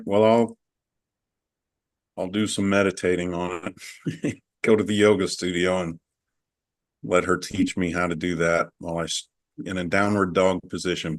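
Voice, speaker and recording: A man's voice: low-pitched, flat delivery, measured pace, long pauses. A man on a video call with his coach, chatting candidly and rambling through a personal story. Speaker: coaching client. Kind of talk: casual call conversation.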